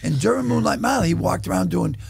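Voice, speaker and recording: A man in his sixties with a Boston accent, a comedian telling profane, animated stories in a casual interview. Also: high-pitched, fast talker, creaky, breathy edge, dry recording. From Boston area. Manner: profane, animated anecdote-teller who acts out quotes. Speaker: guest comedian.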